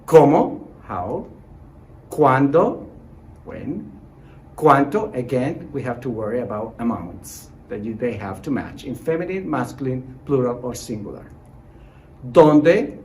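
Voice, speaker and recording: Man teaching with lively intonation. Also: mid-range voice, moderate pace, slight background noise, low-quality recording. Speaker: Spanish teacher. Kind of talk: recorded language lesson.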